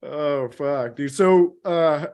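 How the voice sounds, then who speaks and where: A man's voice: on the high side, takes it slowly, a little mellow, clear, resonant tone, highs cut off. A man talking as a guest in a casual chat, rambling through stories in laid-back slang with many fillers. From Los Angeles area.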